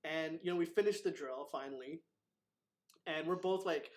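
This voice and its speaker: A man with a slightly raised voice hosts a relaxed chat as a martial arts instructor. He rambles through his stories, leaning on fillers and acting out what others said. His tone stays easygoing and conversational. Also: on the high side, normal speed. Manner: rambling, filler-heavy retelling with acted quotes. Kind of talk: casual storytelling chat.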